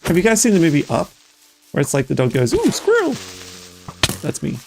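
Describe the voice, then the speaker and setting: A streamer with a gravelly, medium-pitched voice talks fast through excitable, chatty live gameplay commentary, speaking straight to the viewers.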